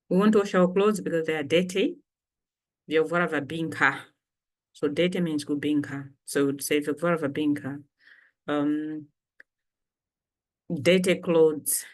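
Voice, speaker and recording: Slow, patient woman teaching a language. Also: fairly low pitch. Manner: slow, patient, repeats words for learners. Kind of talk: casual language lesson.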